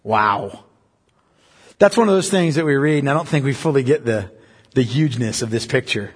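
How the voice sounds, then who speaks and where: A man preaching an expository sermon. He reads scripture slowly and solemnly, then explains it conversationally, asking the listeners rhetorical questions. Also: mid-range voice, a little mellow, husky. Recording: long reverb of a large hall.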